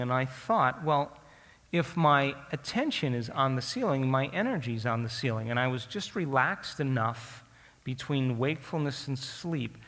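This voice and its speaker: A man's voice: mid-range voice, creaky, a bit bright, big-room sound. A man telling a story to an audience as a lesson. He asks them direct questions and acts out his own past thoughts. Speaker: speaker teaching an audience. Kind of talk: storytelling lecture.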